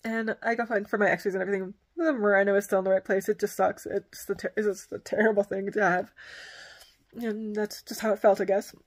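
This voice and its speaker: A woman's voice: medium pitch, level tone, brisk. Woman vlogger, casual rambling storyteller, filler-heavy delivery.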